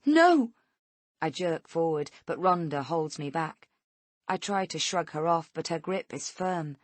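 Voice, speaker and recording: A woman narrates a tense first-person thriller in a steady reading voice that sits a little low. The recording is close and dry, with no room sound. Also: a little slow, no echo. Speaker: audiobook narrator.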